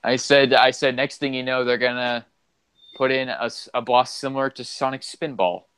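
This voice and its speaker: A man's voice: mid-range voice, fairly even intonation, moderate pace, fairly bright tone, clean tone, rough recording. A man co-hosting a casual gaming chat, rambling through game trivia with lots of fillers. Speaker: co-host.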